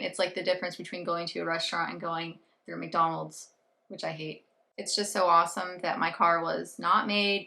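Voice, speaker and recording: Bright-voiced, animated woman vlogger. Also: medium pitch. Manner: animated, acts out her own thoughts and quoted people. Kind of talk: casual storytelling vlog.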